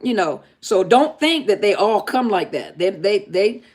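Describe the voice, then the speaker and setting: A middle-aged therapist hosting a live Q&A stream talks casually and emphatically to viewers, repeating her points directly to them. Her mid-range voice is very animated and a little mellow, with a measured pace.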